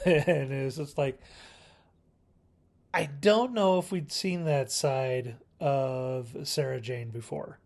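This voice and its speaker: A man talks through his thoughts as a video host in a loose, rambling review, stopping to correct himself and chuckling along the way. His voice has a gravelly fry at mid pitch. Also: slow, a little mellow. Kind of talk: casual review monologue.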